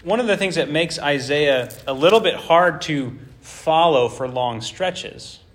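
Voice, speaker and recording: A man with a somewhat high voice leads a verse-by-verse Bible teaching. He talks conversationally, stopping to ask his listeners whether it makes sense, and he repeats key phrases for emphasis. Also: expressive, unhurried. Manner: conversational, checks in with rhetorical questions.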